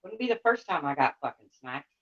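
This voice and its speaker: A woman's voice: fairly low pitch, very animated, a little fast, a bit bright. A woman livestreamer rants to her chat in a blunt, heated voice and swears freely. The sound is dull and lo-fi.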